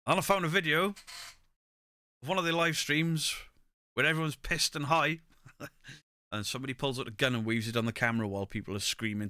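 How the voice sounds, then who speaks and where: A man's voice: medium pitch, steady tone, fairly quick, pauses often, sharp tone, dry recording. A middle-aged man, chatting casually on a live stream, greeting viewers by name and swearing freely. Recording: close mic, dry room.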